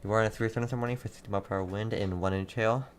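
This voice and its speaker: A man's voice: lowish voice, fairly even intonation, slight background noise. Casual young male storm streamer. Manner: casual, halting, thanks viewers often. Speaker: livestream weather host. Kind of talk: live storm coverage reading viewer towns.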